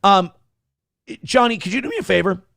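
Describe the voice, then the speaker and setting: A man hosting a morning livestream show, reading donations in loud, crude, fast banter. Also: high voice, expressive, gravelly, no echo, studio quality.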